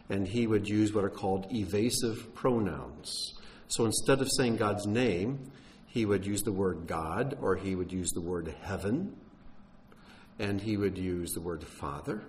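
Earnest man preaching, low voice. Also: darkish tone, slight background noise. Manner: earnest, emphatic, with fillers and self-corrections. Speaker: teacher of a Messianic congregation. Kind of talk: sermon teaching.

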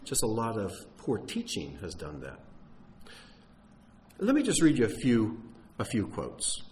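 A man's voice: lowish voice, wildly swooping pitch, unhurried, a little mellow, slight background noise. A man giving an earnest, emphatic sermon teaching, with some wry humor and frequent fillers and restarts. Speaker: teacher of a Messianic congregation.

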